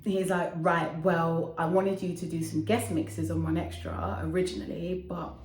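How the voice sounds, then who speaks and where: A woman, telling her story in a chatty, animated vlog as a radio DJ, swearing casually and making quick asides. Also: on the low side, slight background noise. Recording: echoey room.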